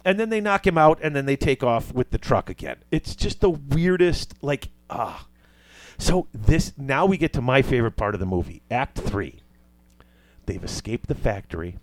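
A man's voice: mid-range voice, very animated, normal speed, no room sound. A man casually retelling a movie plot, acting out the characters' lines as he goes.

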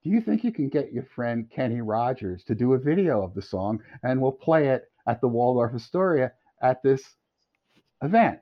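Middle-aged male podcast guest, lively storyteller, swings pitch a lot, dull lo-fi sound. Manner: animated, laughing storyteller. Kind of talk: storytelling anecdote. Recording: dull lo-fi audio.

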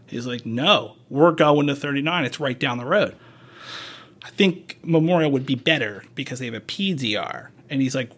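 With a medium-pitched, fairly bright voice, a man who is a paramedic talks candidly in a casual podcast chat. He swears and acts out quoted dialogue while telling his stories.

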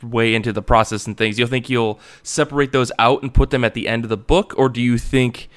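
Brief: male podcast host, mid pitch, relaxed, asks rambling questions. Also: a little fast. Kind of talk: casual podcast interview.

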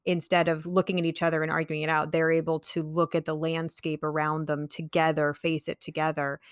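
A woman's voice: low-pitched, no echo, studio quality. A woman hosting an interview, asking long thoughtful questions and searching for words as she talks. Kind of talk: podcast interview.

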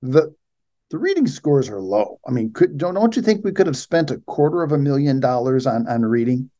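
A man's voice: medium pitch, expressive, moderate pace, mellow. A man hosting a show, reading out a news article and mocking it with sarcastic commentary. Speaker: show host.

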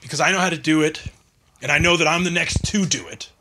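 A man's voice: fairly high pitch, fast, slight background noise, low-quality recording. A man co-hosting a podcast in casual chat, talking loosely with lots of fillers. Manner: rambling, loose, with frequent "like" fillers. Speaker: podcast co-host.

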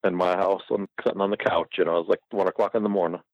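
A man's voice: sits low, flat delivery, rapid-fire, dry recording. A man telling a rambling, profane story in casual chat, laughing often. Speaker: guest storyteller. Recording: muffled lo-fi recording.

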